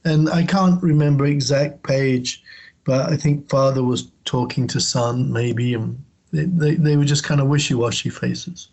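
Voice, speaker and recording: A man in a casual comics discussion, speaking haltingly and tripping over his words. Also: mid-range voice, gravelly, a little mellow. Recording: dull lo-fi audio.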